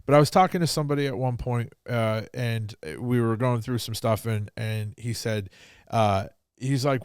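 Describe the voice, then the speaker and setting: A man's voice: mid-range voice, normal speed, clear, resonant tone, no room sound, clean studio sound. A man hosting a podcast who tells stories casually and bluntly, swearing freely and acting out both sides of a conversation. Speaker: podcast host.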